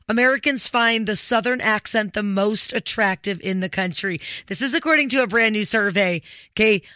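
Chatty on-air radio host with a bright voice, recorded close and dry. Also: medium pitch, no room sound. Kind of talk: casual on-air radio chat.

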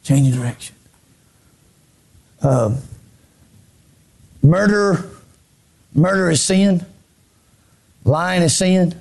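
A man preaching a sermon from a church pulpit. He repeats phrases and swings between shouted lines and hushed low ones. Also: animated, very slow, pauses often. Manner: repeats phrases, stammers on restarts. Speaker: pastor.

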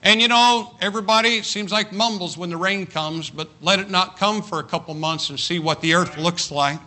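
A man preaching a sermon. He reads a poem dramatically, slowing down and rising for emphasis, and stumbles and repeats words when he talks loosely. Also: high-pitched, bright, forceful tone. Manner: dramatic poetry reading, slows and rises for emphasis.

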